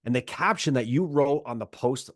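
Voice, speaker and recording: A man's voice: medium pitch, moderate pace, dry recording, studio quality. A man hosting a podcast, enthusiastic and upbeat as he welcomes and questions his guest. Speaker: podcast host. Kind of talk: casual podcast interview.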